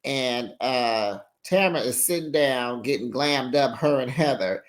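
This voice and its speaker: A host doing casual recap commentary, telling the story with animated energy and sassy asides like "honey" and "child.". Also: mid-range voice, measured pace. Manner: animated storytelling, acts out quotes.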